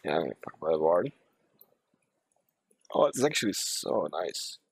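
Husky-voiced male gamer yelling at teammates. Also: sits low, slow pace, dry recording. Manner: excitable, swearing, yelling bursts at teammates. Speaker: streamer. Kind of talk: live gameplay commentary.

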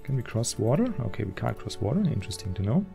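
A man's voice: fairly low pitch, big pitch swings, quick pace, gravelly, dark tone, soft background music. A man casually commenting as he plays through a game, chatty and thinking aloud. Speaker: let's play host. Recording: voice over game audio.

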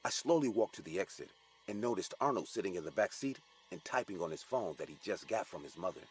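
A man telling a first-person horror story as scripted, expressive narration. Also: low-pitched, fast talker, slightly rough, faint music behind.

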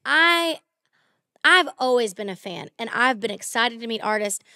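A young woman and country singer telling stories in casual podcast chat, animated, swearing freely, and acting out what people said. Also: a little high, normal speed, no echo, clean studio sound. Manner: animated, swearing, acts out quotes in bursts. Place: podcast studio.

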